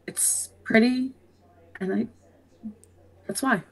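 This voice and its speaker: Halting young woman, high voice. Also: slightly rough, low-quality recording. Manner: halting, restarts mid-sentence, laughs easily. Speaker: podcast co-host. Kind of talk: casual chat.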